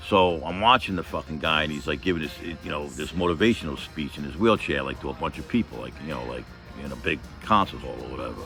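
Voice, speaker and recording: A man with a deep, low voice tells a hard personal story in a loose, rambling monologue. His talk is crude and emotional, full of curses and fillers. Soft music plays faintly behind him. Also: fast, hardly any pauses. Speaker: vlogger telling a personal story.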